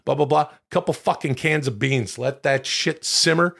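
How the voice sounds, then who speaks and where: Brief: man doing a loud, folksy Canadian cook, gravelly, raised pitch, swears freely. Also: normal speed. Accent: Canadian put-on. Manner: boisterous, swearing, folksy how-to patter. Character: hearty Canadian man cooking beans and kale. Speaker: podcast co-host. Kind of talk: comic improvised bit.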